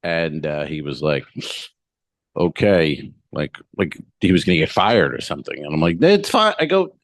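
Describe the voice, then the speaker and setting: A man's voice: a bass voice, moderate pace, no room sound. A middle-aged man co-hosting a comedy podcast, casually telling a profane story and acting out both sides of the dialogue. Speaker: podcast co-host.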